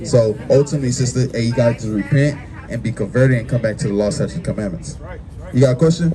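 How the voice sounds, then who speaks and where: A man preaching on the street, forceful and confrontational, with many fillers and repeated words. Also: mid-range voice, quick pace. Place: outdoors on a busy street. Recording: busy street crowd noise.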